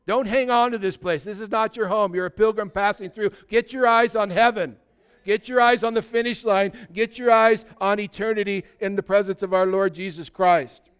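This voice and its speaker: A man's voice: high voice, steady tone, moderate pace, clear, resonant tone. A male pastor delivering an earnest sermon, exhorting his congregation directly.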